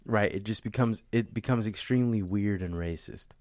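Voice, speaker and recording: Dude swearing a lot, lower voice, animated storytelling, dry close mic. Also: male voice, normal speed, no echo. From California. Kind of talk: casual chat.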